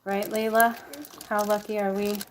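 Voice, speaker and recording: A woman's voice: mid-range voice, flat delivery, normal speed, a little hiss or hum. A woman chatting casually to her camera as a vlogger, bubbly and full of ums and likes.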